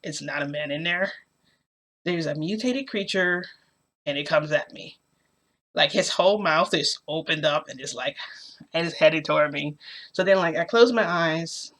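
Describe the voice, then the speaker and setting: A woman's voice: sits low, normal speed, a bit bright. A young woman vlogger telling a story casually, rambling with lots of filler words.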